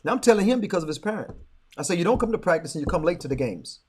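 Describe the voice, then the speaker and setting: A middle-aged man chats casually on a podcast, spinning animated stories and repeating his words as he goes. His voice sits a bit high and swings widely in pitch. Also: slight background noise. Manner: animated storyteller, repeats words, quick laughs. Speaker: podcast co-host. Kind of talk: casual chat.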